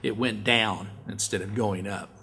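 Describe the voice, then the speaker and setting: A middle-aged man preaching a sermon, telling stories in a folksy way and rising loud and high to stress his points. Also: fairly even intonation, measured pace, a little hiss or hum. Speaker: pastor.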